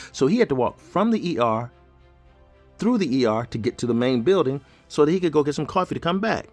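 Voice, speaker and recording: A man casually telling his own story to his audience in an animated, joking, conversational way. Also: mid-range voice.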